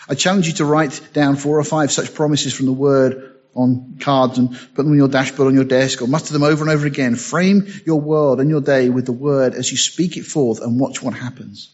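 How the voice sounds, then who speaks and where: Male preacher, husky and a touch high-pitched, reads scripture and builds to emphatic peaks; muffled lo-fi recording. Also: a little fast, darkish tone. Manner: reads scripture aloud, rising to emphatic bursts. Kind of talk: sermon.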